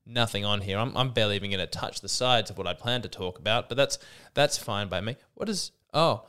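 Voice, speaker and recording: A man's voice: fairly low pitch, fairly quick, pushed and bright, clear, resonant tone. A man in his thirties hosting a podcast, ranting in an exasperated, sarcastic way with many restarts, and a little sick. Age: 30s. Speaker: podcast host. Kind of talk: comedic solo rant.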